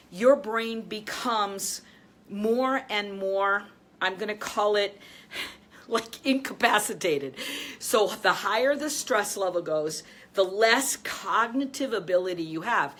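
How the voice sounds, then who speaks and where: A middle-aged woman coaching listeners through stress. She talks with energy and emphasis, laughs often, and goes soft and low when she leads them through slow breathing. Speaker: coach and show host. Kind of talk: motivational talk with guided breathing.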